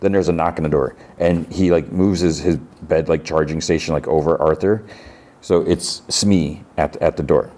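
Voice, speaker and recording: A man's voice: rumbling low, fairly even intonation, normal speed, a little mellow. A man hosting a podcast, loosely recapping TV episodes with lots of fillers and restarts. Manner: rambling, many fillers and restarts. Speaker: podcast host.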